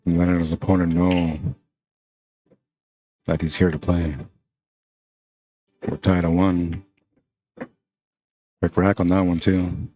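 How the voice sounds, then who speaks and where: Deep, flat-voiced male pool commentator. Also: takes it slowly, long pauses. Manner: chatty, greets viewers by name. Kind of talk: live stream commentary.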